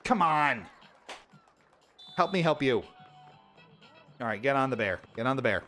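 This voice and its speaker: A man's voice: medium pitch, measured pace, faint music behind. A man streaming a sports video game, giving exasperated play-by-play and venting when his teammates miss easy shots. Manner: exasperated, animated play-by-play with frustrated outbursts. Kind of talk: livestream gameplay commentary.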